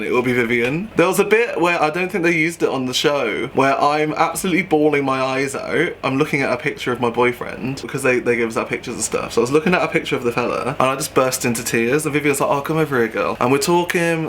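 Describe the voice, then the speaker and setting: A man's voice: a little high, fairly bright tone, a little hiss or hum. A young man and drag performer chatting casually and campily while doing a makeup tutorial, laughing often as he gossips.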